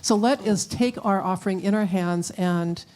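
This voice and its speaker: A woman's voice: mid-range voice, moderate pace, darkish tone. A woman hosting a spiritual center event, thanking the guest and leading the offering. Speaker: host of spiritual center talk.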